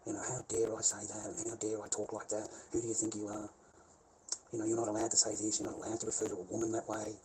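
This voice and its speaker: A man's voice: lowish voice, completely flat delivery, fast talker. A man with an Australian accent ranting in a rambling, profane way, repeating himself and laughing between lines. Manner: swears constantly, repeats himself, laughs mid-sentence. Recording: noisy background hiss.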